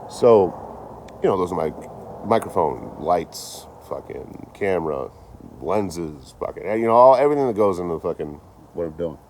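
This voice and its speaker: A man's voice: low-pitched, expressive, normal speed, darkish tone. Profane rambling man, noisy street. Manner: rambling, profane, laughs often. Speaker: traveling livestreamer. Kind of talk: casual livestream chat.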